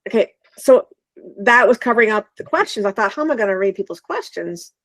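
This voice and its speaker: A woman hosts a live chat with her audiobook narrators, bubbly and enthusiastic, getting sidetracked easily. Her voice has a middle pitch and a dry, close sound. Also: expressive, a little fast, a bit bright, dry recording. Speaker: author hosting a livestream.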